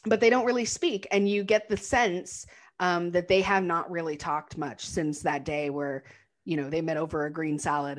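A woman casually recapping a film's story, chatty and animated, sometimes slipping into the characters' voices. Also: fairly low pitch, normal speed. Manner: animated retelling, acts out quotes in character voices. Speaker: podcast co-host recapping a film. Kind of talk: casual chat.

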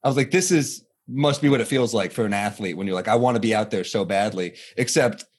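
A man in his thirties, a comedian, chatting in an interview and telling animated stories, acting out quotes in a higher voice. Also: fast talker, husky. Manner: animated storytelling, acts out quotes with jumps in pitch. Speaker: comedian guest. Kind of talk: casual interview chat.

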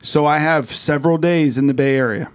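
A middle-aged man co-hosts a casual podcast and talks in a rambling, storytelling way. His voice sits a little higher than most men's, and he turns animated whenever he acts out what someone said. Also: brisk. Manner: rambling storyteller, animated when quoting people. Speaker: podcast co-host. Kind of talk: casual chat.

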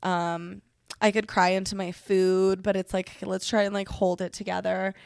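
Young woman podcaster just venting, fry-y voice, dead dry sound, says like constantly. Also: mid-range voice, little pitch movement, moderate pace, a little mellow, dry recording. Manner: candid, profane, heavy use of "like". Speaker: podcast host. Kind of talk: casual venting monologue.

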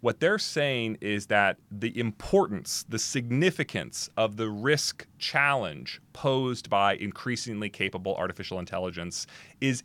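Man, podcast guest expert, low voice, very lively pitch, emphatic, dry close sound. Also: dry recording. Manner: animated, emphatic, with frequent restarts and asides. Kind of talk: podcast interview answers.

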